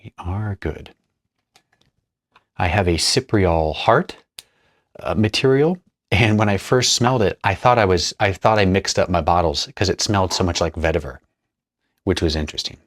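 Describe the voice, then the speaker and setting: A man's voice: sits low, moderate pace, long pauses, no room sound, studio quality. A man explaining perfume materials as he mixes them, chatting casually and thinking aloud while he works. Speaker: perfumer demonstrating a blend. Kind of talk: casual hands-on tutorial narration.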